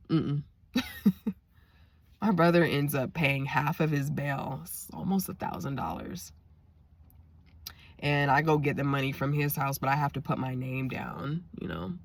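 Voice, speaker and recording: A woman vlogger casually telling a personal story to her viewers, acting out the dialogue with lively energy. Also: very deep voice, gravelly. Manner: animated, lively retelling with quoted dialogue; talks straight to viewers.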